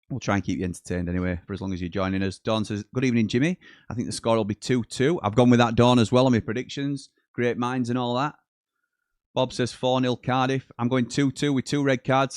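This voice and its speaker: A man with a mid-range voice hosts a live football watchalong, mixing commentary with chat and reading out messages from viewers. Goals make him excitable. The audio is studio quality with no room sound.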